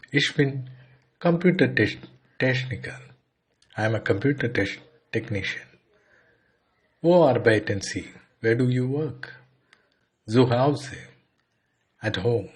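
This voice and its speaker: Slow, husky-voiced man teaching a language. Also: mid-range voice, darkish tone. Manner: repeats phrases, then translates them plainly. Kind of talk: slow beginner language lesson.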